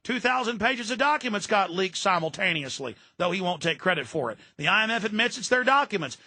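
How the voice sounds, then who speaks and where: A man's voice: high voice, bright, forceful tone, dry recording. A man hosting a radio talk show, delivering an intense, ranting political monologue and repeating words when worked up. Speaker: radio host.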